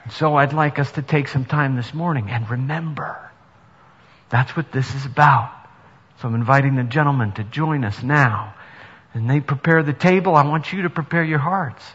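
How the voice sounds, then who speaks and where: A man's voice: medium pitch, normal speed, a bit bright, husky. A male pastor giving an earnest sermon that rises to emphatic preaching in a church. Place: church sanctuary. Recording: dull sound with long reverb in a hall.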